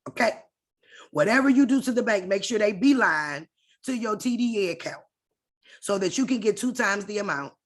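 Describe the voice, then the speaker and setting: A woman leading an online class over a video call, in a casual and direct instructional tone that addresses her listeners familiarly. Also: medium pitch.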